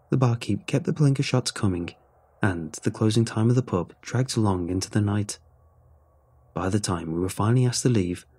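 A man narrating a first-person story in a measured, brooding way. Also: fairly low pitch, a little mellow, breathy edge. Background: faint music.

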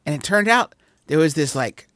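A man's voice: on the high side, lively intonation, moderate pace, a bit bright, no echo, studio quality. A man co-hosting a comedy podcast, telling a restaurant mishap story with mock indignation. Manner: indignant, storytelling, rising to outrage. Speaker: podcast co-host. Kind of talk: comedic casual chat.

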